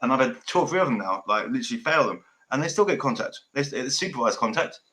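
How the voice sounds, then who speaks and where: A man's voice: mid-range voice, expressive, fast, a bit bright, rough recording. A man hosting a casual podcast chat, forthright and sweary, often calling people mate. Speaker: family law consultant and podcast host.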